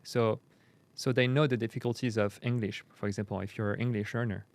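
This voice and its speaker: A man with a Parisian French accent, a native French speaker, explaining as a guest in a casual chat, relaxed and a little hesitant. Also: lowish voice, brisk, gravelly. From Paris, France. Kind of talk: casual conversation.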